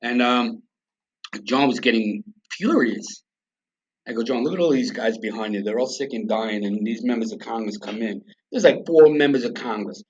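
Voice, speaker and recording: A man's voice: medium pitch, moderate pace, a little mellow, slightly rough, highs cut off. A man from the United States, a podcast guest telling a story in blunt, profane, conversational style and acting out quoted dialogue.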